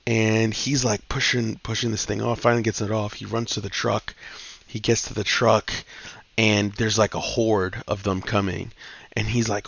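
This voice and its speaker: A man hosting a casual comic book review, retelling plots in a slangy, profane, excitable way. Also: lowish voice, normal speed, vocal fry, breathy edge, no room sound. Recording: dull lo-fi dry recording.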